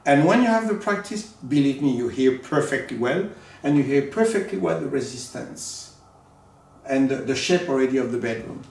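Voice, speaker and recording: A man giving a live demonstration lesson as a teacher, animated and coaxing, in a room at home. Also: on the high side. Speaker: echolocation teacher. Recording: very echoey room, far from mic.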